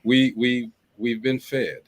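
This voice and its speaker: A man hosting a talk show, closing it in a relaxed, jokey way. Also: mid-range voice, takes it slowly, no room sound. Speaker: host. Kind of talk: casual show wrap-up.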